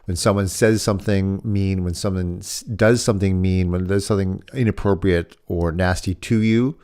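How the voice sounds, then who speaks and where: A man's voice: deep voice, steady tone, moderate pace, darkish tone, clear, resonant tone. A man co-hosting a parenting podcast, telling a personal story in casual chat and acting out the dialogue. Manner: storytelling, acts out quoted dialogue. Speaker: podcast co-host.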